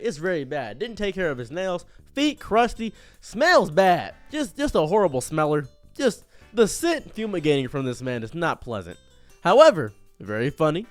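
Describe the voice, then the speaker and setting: Animated, high-voiced male comedic storyteller. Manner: animated, theatrical, exaggerated delivery. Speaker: streamer and commentary host. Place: room in front of a green screen.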